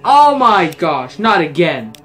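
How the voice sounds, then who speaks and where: A gaming channel host giving let's-play commentary at a desk mic, getting frustrated, ranting and yelling at the game. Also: medium pitch, slow, soft background music.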